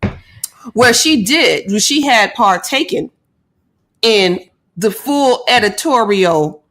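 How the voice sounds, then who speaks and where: A woman's voice: a little high, expressive, takes it slowly, a bit bright. A woman co-hosting a podcast in casual chat, playful and encouraging. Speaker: podcast co-host.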